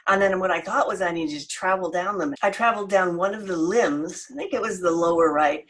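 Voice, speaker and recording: An American woman with a middling pitch tells a personal story in a chatty, animated way. It sounds like relaxed podcast conversation. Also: husky, low-quality recording. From United States. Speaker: podcast co-host. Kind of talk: casual storytelling chat.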